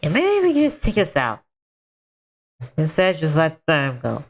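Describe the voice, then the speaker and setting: A man's voice: a little high, huge pitch swings, a little slow, soft background music. A man streaming a game, chatting casually in a rambling way full of filler words. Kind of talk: casual chat while gaming.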